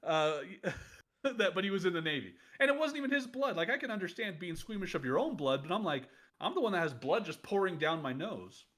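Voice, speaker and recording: A man's voice: high-pitched, very animated, fairly quick, a bit bright. A man in his late thirties, a former wrestler co-hosting a podcast, tells stories in a rambling way and keeps laughing through them. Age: late 30s. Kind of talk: casual storytelling chat.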